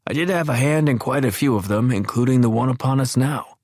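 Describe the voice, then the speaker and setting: A man's voice: medium pitch, a little fast, a little mellow, no room sound, voice pushed up, lightly acted. A man voicing a frail old man near death, genteel and wry, in a dry, knowing manner. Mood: sly.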